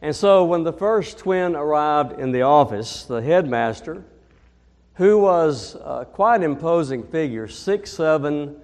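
A man preaching a sermon, telling a story and reading scripture in a deliberate way, rising to booming emphasis at key points. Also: lively intonation, a little mellow. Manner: slow, deliberate, builds to booming emphasis in stories. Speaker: pastor. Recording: long reverb of a large hall.

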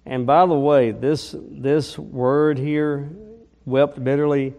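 Slow, earnest preaching man in a hall. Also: mid-range voice, steady tone, creaky, dark tone. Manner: earnest preaching, slowing on key phrases. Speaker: pastor. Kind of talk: sermon.

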